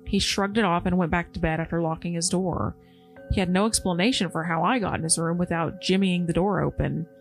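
A woman's voice: lowish voice, fairly even intonation, fairly quick, vocal fry, soft background music. A woman co-hosting a podcast, reading a paranormal story aloud and chatting casually; she calls herself easily scared. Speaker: podcast co-host.

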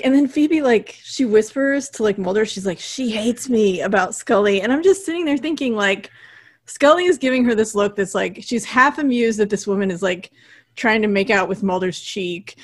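A chatty woman co-hosting a podcast in a relaxed, casual tone. She walks through the scenes one by one and slips in quoted lines from the characters. Her voice sits at an ordinary middle pitch for a woman. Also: normal speed. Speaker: podcast co-host. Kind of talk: casual chat recapping an episode.

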